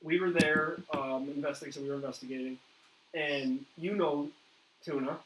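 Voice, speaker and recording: A man hosting a paranormal interview, telling a ghost story in a lively way and acting out what others said. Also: a little high, moderate pace. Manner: animated storyteller, acts out quoted dialogue. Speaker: paranormal investigator host. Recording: echoey room with faint noise.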